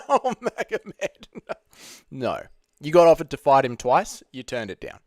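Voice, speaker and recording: A man's voice: fairly high pitch, huge pitch swings, measured pace, darkish tone, no room sound, clean studio sound. A man hosting a casual livestream, reading viewer questions aloud and joking through his answers from home. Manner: jokey, reads chat questions aloud and riffs on them. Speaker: livestream host answering chat.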